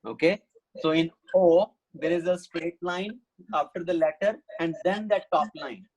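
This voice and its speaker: A man's voice: fairly high pitch, fairly even intonation, a little slow, poor audio. A man teaching a Sanskrit class online, patiently explaining step by step and answering questions.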